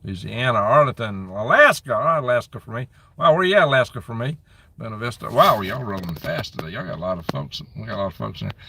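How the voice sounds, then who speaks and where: A man's voice: on the low side, very animated, fast talker, vocal fry, bright, forceful tone, husky, recorded from a distance. A man hosting a casual live stream on his phone, chatting and grumbling as he reads out where viewers are from. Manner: reads out viewer comments and locations.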